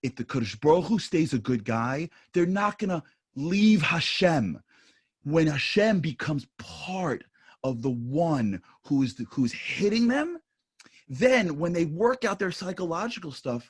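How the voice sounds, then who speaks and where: A man on a panel talks in earnest, confessional bursts and repeats himself as he goes. His voice is a little husky, sits fairly high, and rises and falls widely. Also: lively intonation. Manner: earnest, confessional, speaks in quick bursts with repetitions. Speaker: panel speaker. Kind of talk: impassioned panel talk. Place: livestream studio panel.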